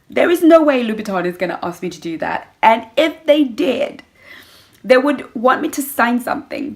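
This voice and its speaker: A woman vlogger chatting casually to camera about relationships, animated and sassy, acting out little scenes and calling her listeners girl. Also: fairly high pitch. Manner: animated, acts out little scenes with playful voices. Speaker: vlogger giving relationship advice.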